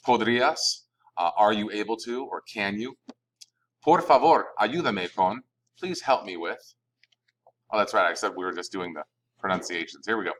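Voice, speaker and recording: A man's voice: fairly low pitch, normal speed, fairly bright tone, low-quality recording. A male Spanish teacher giving a recorded class lecture, explaining informally with fillers and self-corrections.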